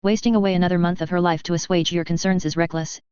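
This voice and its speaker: A disapproving, critical man, as a woman reading the story puts him on. Low, very clear voice in a dry, slightly muffled recording. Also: steady tone, fast talker, a little mellow, no room sound, close to an everyday voice.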